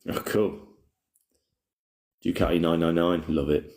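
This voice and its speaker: Man, deep voice, rambling laid-back livestream chat, reads out comments, echoey room. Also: little pitch movement, measured pace, darkish tone. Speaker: livestream host. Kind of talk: casual spiritual livestream chat.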